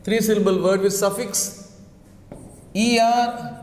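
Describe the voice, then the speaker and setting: A man teaching a pronunciation lesson, speaking slowly and repeating words as he drills the class with questions. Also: high voice, fairly even intonation, darkish tone, a little hiss or hum. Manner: slow, repetitive, drills words and asks questions. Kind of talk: online English pronunciation lesson. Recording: echoey room with long reverb.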